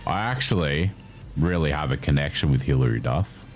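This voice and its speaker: A man's voice: extremely low pitch, expressive, moderate pace. A man livestreaming, chatting casually with his viewers and reacting to their messages with laughs and swearing. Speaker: livestreamer reading chat.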